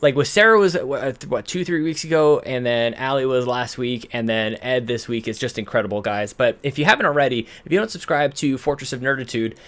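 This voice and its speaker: A man opens his podcast episode with casual chatter that rambles from thought to thought. He keeps correcting himself mid-sentence and sounds a little out of breath. His voice sits at an ordinary middle pitch for a man. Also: a little fast, few pauses, fairly bright tone. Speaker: podcast host. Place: home in British Columbia.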